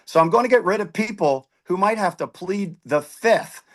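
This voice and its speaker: A man's voice: high-pitched, animated, moderate pace, a bit bright. A man speaking as a candidate at an online forum, giving an emphatic debate answer and repeating key words. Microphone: video call.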